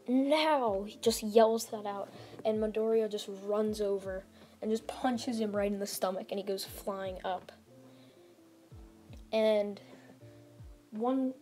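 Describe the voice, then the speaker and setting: A woman's voice: mid-range voice, dark tone. A woman casually retelling a fan-made story, rambling with lots of "like" and restarts.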